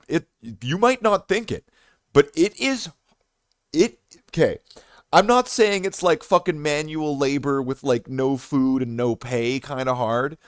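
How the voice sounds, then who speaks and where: A man's voice: mid-range voice, clear, resonant tone, dry recording, clean studio sound. Profane, rambling male game streamer. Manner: rambling, heavily profane ranting with many restarts. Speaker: live streamer and gaming host. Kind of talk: live stream commentary.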